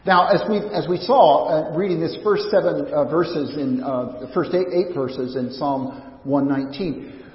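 A man's voice: on the high side, a little slow. A pastor preaching a sermon in a conversational, searching way, often restarting his sentences, recorded in a church sanctuary. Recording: echoey church hall, dull lo-fi sound.

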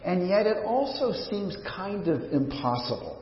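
Slow-preaching man in an echoey hall. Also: sits high, very animated, a little hiss or hum. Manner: conversational, searching, with frequent restarts. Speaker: pastor. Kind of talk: sermon. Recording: echoey church hall, dull lo-fi sound.

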